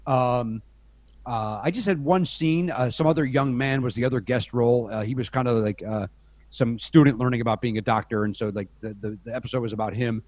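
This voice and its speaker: A middle-aged man chats as a podcast guest, spinning self-deprecating stories with frequent restarts and asides. His voice sits at an ordinary middle pitch. The sound is dry and close, with no room echo. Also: a little fast, darkish tone. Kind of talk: casual anecdotal storytelling.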